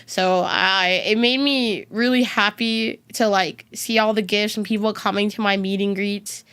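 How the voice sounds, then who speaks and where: A woman's voice: medium pitch, fairly even intonation, measured pace, a bit bright, smooth, dry recording. A young woman VTuber chatting casually on stream, rambling from topic to topic and swearing freely.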